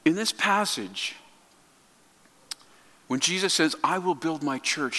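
Bright high-voiced preacher with restarts. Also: male voice. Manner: emphatic, with frequent restarts and repeated words. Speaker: pastor. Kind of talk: sermon.

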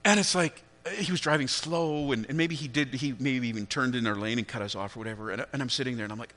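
A middle-aged man preaching a sermon, acting out his own angry thoughts and swinging between hushed and loud delivery. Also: mid-range voice, expressive, fast talker, few pauses. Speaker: pastor.

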